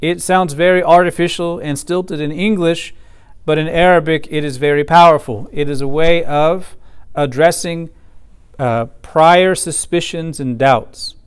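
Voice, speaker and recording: Man lecturing with a clear, smooth voice. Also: on the high side, steady tone, measured pace. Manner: methodical, stresses points and recites Arabic phrases. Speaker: teacher of a Quran commentary class. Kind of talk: explanatory class lecture.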